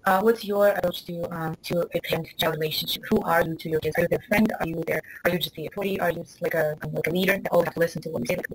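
Fast-talking low-voiced woman interviewer. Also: steady tone, a crowd in the background, low-quality recording. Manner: chatty, asking questions with fillers. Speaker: summit host, interviewer. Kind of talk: casual interview questions.

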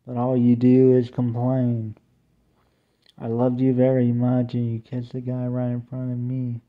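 A young man performing a homemade song, half sung and half spoken, in a plaintive, drawn-out way. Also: mid-range voice. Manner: plaintive, slow, mostly flat talk-singing with drawn-out "ooh" cries. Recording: tinny phone-like recording.

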